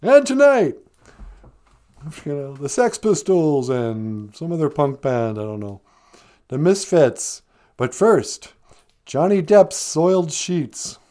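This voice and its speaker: A man hosts a comedy livestream and jokes his way through it. His pitch jumps around in lively swings, and his banter stays light and teasing. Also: slow, pauses often. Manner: joking, playful. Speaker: host.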